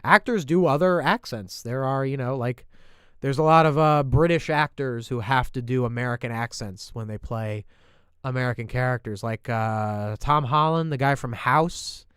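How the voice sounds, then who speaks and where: A man's voice: mid-range voice, normal speed, a bit bright, smooth, no room sound, studio quality. A man chatting casually on a stream, thinking aloud with many fillers and restarts, with a slight New York accent. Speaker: YouTuber reviewing creator posts on stream. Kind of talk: casual livestream commentary.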